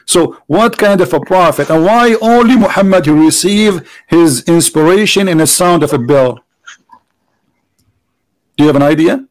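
A man's voice: on the high side, expressive, normal speed, rough recording. Teasing man. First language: Arabic. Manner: mocking, teasing, repeats himself for emphasis. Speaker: debate host. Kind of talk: casual online debate call.

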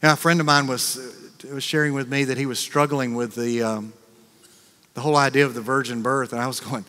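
A man with an American accent, a pastor preaching a sermon in a conversational way, acting out quick reactions and repeating words. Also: medium pitch, fairly even intonation, sharp tone. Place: church sanctuary. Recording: long reverb of a large church.

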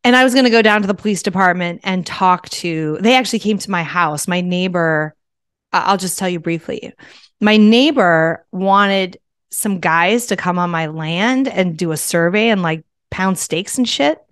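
A woman hosts a casual talk show, telling a story in a candid, animated way with plenty of swearing. Her voice is smooth and clear, in a medium register. The sound is dry and close. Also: fairly low pitch, normal speed, dry recording. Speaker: podcast host. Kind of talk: casual monologue to listeners.

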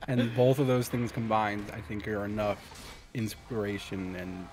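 A man's voice: lowish voice, flat delivery, normal speed, background noise. A man streaming, joking crudely with friends in casual chat.

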